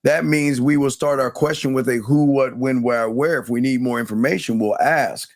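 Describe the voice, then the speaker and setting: A man's voice: mid-range voice, moderate pace, no echo, clean studio sound. A man hosting a live call-in show, quizzing callers and cutting them off when they ramble. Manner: bossy, impatient with callers.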